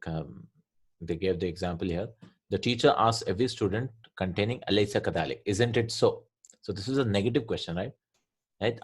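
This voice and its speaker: A man's voice: lowish voice, breathy edge. A man teaching an Arabic grammar lesson from a textbook, explaining each point and often checking with "right?".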